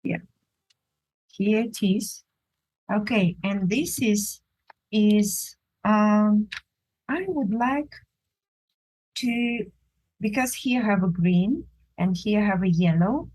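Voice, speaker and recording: Slow, halting woman art teacher. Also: medium pitch, darkish tone, low-quality recording. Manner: halting, searching for words; unhurried, thinking aloud while drawing. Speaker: art instructor. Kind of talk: drawing demonstration lesson.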